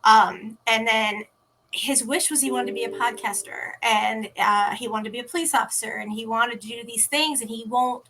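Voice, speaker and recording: A woman speaks as a guest in a relaxed interview, her voice bright and a little high. She tells stories with energy and slips into the voices of the people she quotes. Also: normal speed, a little hiss or hum. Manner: animated, acts out quoted dialogue. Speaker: interview guest, teen podcast organizer. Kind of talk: casual interview storytelling. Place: at home.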